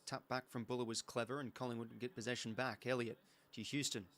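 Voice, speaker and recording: A man with an Australian accent hosting a live football watch-along, calling the play in an excitable, chatty way. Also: mid-range voice, fast. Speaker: host.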